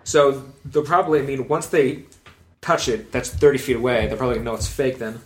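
A man's voice: medium pitch, steady tone, fairly quick. A man playing a tabletop game, working out spell rules aloud and chuckling often. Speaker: player. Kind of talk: casual game table chat.

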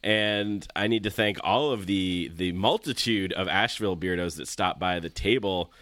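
A man co-hosting a casual podcast, a little stuffy from a cold, relaxed and chatty. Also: sits low, normal speed, no echo. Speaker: podcast co-host.

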